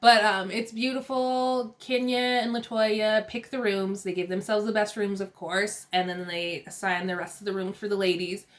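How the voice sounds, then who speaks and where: A young woman from California gives a chatty, opinionated recap of a TV episode, laughing often. She speaks at a moderate pace with few pauses, in a medium pitch and steady tone.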